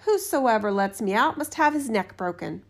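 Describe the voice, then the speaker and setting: A woman voicing a huge, haughty male spirit from a bottle in a storybook reading, speaking slowly and menacingly. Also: expressive, vocal fry. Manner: slow, booming, haughty.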